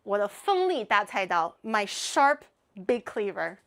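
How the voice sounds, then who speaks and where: A woman's voice: medium pitch, very animated, measured pace. A woman streamer in casual livestream chat, playful and giggly, laughing often and rambling with plenty of fillers. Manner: chatty, rambling with many fillers.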